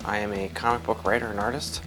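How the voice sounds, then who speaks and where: Recorded in his home studio over music, a comic book writer and artist in his thirties speaks fast in a lowish, flat voice. His interview answers are rambling and self-deprecating, packed with fillers.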